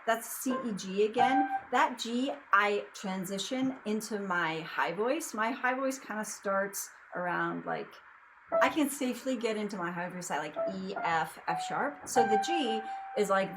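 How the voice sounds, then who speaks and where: A woman's voice: medium pitch, a little slow, background noise. A young adult woman teaching singing in a casual lesson, explaining in a loose, chatty way with lots of fillers. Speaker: vocal coach.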